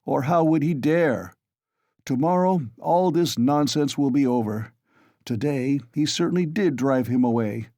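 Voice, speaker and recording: A male narrator voicing a tipsy young man who blusters loudly and emphatically. His voice sits raised above its usual pitch in a dry, close recording. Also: unhurried, no echo, close to an everyday voice. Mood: blustering.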